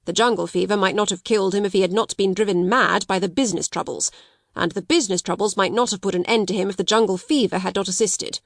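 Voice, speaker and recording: A woman's voice: mid-range voice, fast talker, no echo, studio quality, lightly acted. A woman reading a storybook voices a shrewd male solicitor who speaks brusquely and with disapproval. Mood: brusque, blunt. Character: curt, shrewd male solicitor, dry little man.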